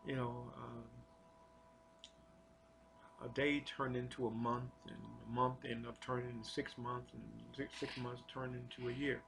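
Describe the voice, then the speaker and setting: A man telling a personal spiritual testimony in an earnest, confessional way, halting and often repeating his words. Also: medium pitch, level tone, creaky, a bit bright, slight background noise. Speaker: storyteller sharing a personal testimony.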